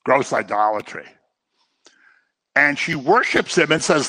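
A man preaching a sermon, swinging between loud emphasis and quiet asides. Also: medium pitch, big pitch swings, measured pace.

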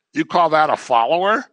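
A man's voice: on the high side, a bit bright, no room sound. A man putting on a sneering accuser devil. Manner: sneering, teasing questions. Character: mocking male accuser spirit, taunting.

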